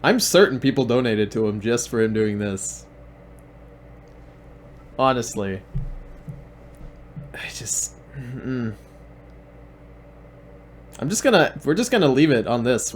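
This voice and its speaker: A man's voice: medium pitch, a little slow, long pauses, a little hiss or hum. A man hosting a stream, mocking the videos he plays in a sarcastic, repetitive way. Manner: sarcastic, deadpan, repeats himself. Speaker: stream host and commentator.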